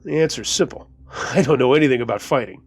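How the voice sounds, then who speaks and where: A man's voice: medium pitch, fast, a little mellow. A man narrating a first-person scary story in a conversational, tense way.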